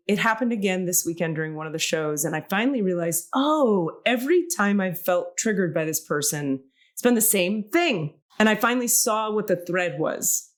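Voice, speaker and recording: A woman podcast host telling a personal story in casual chat, animated and rambling, correcting herself and swearing casually. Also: fairly low pitch. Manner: animated, acts out quoted dialogue, swears casually; rambling, self-correcting, many fillers.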